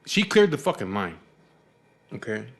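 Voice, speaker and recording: A man's voice: fairly low pitch, very animated, normal speed. A man telling a long story in a casual, rambling way, swearing often and sounding exasperated.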